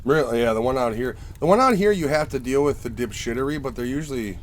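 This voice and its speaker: A man in relaxed conversation with friends, spinning a long, profane anecdote and voicing the people in it. His pitch sits in an ordinary middle range. A faint hiss runs under the recording. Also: quick pace. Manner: profane, storytelling, animated in anecdotes. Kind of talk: casual chat.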